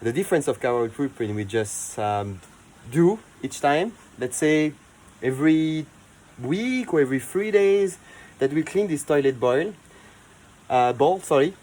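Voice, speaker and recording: A man with a French accent, hosting a casual how-to video, chatty and enthusiastic, with soft asides now and then. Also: a little high, animated, measured pace, low-quality recording. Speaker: eco-cleaning video host.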